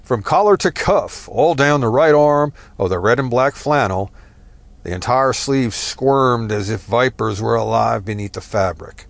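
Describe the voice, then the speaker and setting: A man narrating a tense story in a measured, dramatic reading. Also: medium pitch, lively intonation, gravelly, dry recording.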